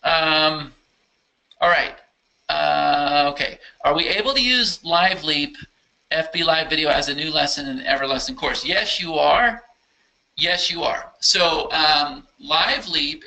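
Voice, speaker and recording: A man with a very bright, forward voice sitting a little above the usual pitch runs a loose live question-and-answer session for his users. He rambles cheerfully, thinks out loud as he navigates his screen, and sounds keen about what he is building. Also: measured pace, rough recording. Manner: enthusiastic, rambling, thinks aloud while clicking around. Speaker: software company founder answering user questions. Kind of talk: casual live Q&A with screen demo.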